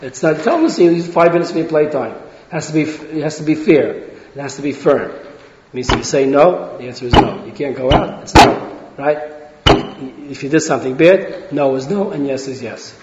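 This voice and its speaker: A man's voice: on the high side, expressive, brisk, very noisy. A man giving an informal lecture full of anecdotes, asking rhetorical questions, stumbling into restarts and often tagging lines with "right?". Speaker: religious parenting lecturer. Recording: echoey hall, dull lo-fi sound.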